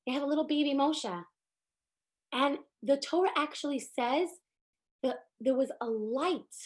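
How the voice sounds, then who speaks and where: Brief: high-pitched woman teacher, animated religious storyteller, lots of fillers.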